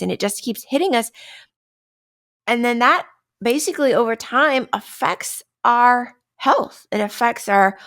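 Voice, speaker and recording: A woman with a fairly high, fairly bright voice hosts a podcast about wellness in an easygoing, conversational manner. She plays out common stress scenarios and regularly asks "right?"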